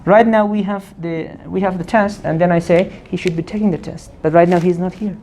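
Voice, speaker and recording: A woman teaching an English grammar lesson, quizzing the class and answering her own questions, repeating forms slowly. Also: fairly low pitch, fairly even intonation, mellow, slight background noise. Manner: asks the class questions and answers them herself.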